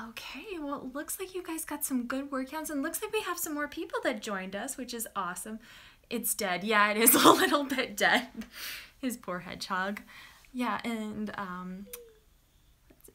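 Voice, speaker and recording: A young woman hosting a writing-sprint livestream, chatting casually and excitedly with viewers and talking to her dog. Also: a little high, moderate pace. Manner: bubbly and chatty, coos softly to her dog.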